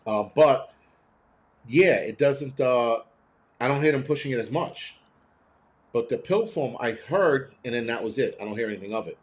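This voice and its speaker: A man hosting a casual live stream, talking bluntly and swearing freely as he responds to viewer comments. His voice sits in an ordinary middle pitch. He slips into quick imitations of people he is describing. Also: expressive. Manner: profane, ranting, blunt; mimics others in quoted voices.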